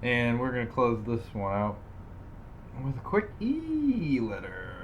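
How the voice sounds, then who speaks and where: A man's voice: mid-range voice, fairly even intonation, normal speed, lo-fi sound, a little hiss or hum. A young man co-hosting a podcast in casual chat, rambling with lots of fillers and self-deprecating asides. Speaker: podcast co-host.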